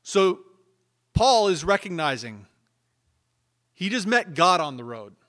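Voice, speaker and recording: Male pastor with a slightly high voice, emphatic preaching that swings between hushed and loud. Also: very animated, takes it slowly. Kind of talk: sermon.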